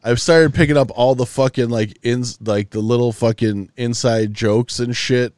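A tired man co-hosts a podcast, yawning as he tells a long story in loose, profane casual chat full of restarts. His mid-range voice is steady and darkish, at a moderate pace, with no echo.

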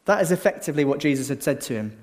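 A middle-aged man preaching a sermon, telling the story lively and acting out the voices of a crowd. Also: fairly high pitch, rapid-fire, long reverb tail.

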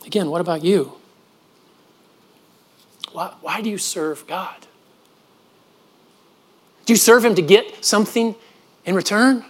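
A man's voice: high-pitched, slow, long pauses. A man preaching a sermon, earnest and storytelling, often restarting his words. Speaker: pastor.

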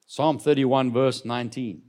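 Preaching as pastor, a man speaks in a steady tone at a measured pace, rising into loud, emphatic declarations and sinking low to read scripture and pose questions to the congregation.

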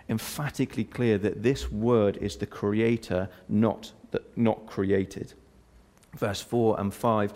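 A male pastor with a somewhat low voice walks through a Bible passage verse by verse. He sounds earnest and explanatory, with frequent "uh"s and small restarts. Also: steady tone, takes it slowly, a little mellow. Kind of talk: sermon.

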